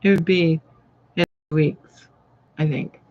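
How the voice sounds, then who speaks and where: A woman's voice: low-pitched, fairly even intonation, slow, slight background noise. A woman hosting a casual live sewing chat, rambling and greeting viewers by name as she works. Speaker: sewing channel host. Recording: dull lo-fi live-stream audio.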